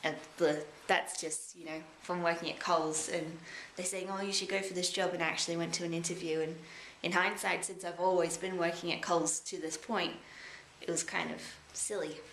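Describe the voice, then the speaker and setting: A woman's voice: lowish voice, level tone, a bit bright. Rambling young Australian woman, echoey room. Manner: rambling, reflective, halting with many fillers. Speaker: vlogger. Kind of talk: rambling personal time-capsule vlog. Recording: echoey room with faint background noise.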